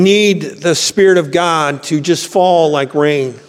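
A man's voice: fairly high pitch, unhurried, hardly any pauses, smooth. A man preaching a sermon as pastor, reading scripture aloud with rising emphasis. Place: church sanctuary. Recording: long hall reverb.

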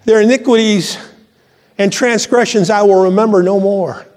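A pastor preaching a sermon to his church, fervent and swelling to high exclamations. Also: fairly even intonation, normal speed, a little mellow. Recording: long reverb from a church hall.

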